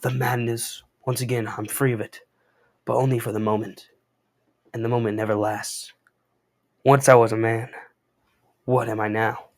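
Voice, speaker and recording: The gray Hulk, read out by a man from a comic, a huge brute who stays calm. He trades dry puns and taunts in an unhurried tone. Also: medium pitch, natural voice. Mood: brooding. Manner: calm, wisecracking lines. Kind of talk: reading comic dialogue aloud.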